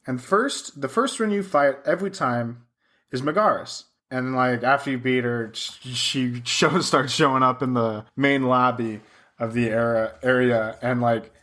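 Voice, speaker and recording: A man's voice: mid-range voice, unhurried, sharp tone. A young man co-hosting a podcast, chatting casually, swearing freely and laughing often as he acts out lines. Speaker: podcast co-host. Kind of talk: casual chat.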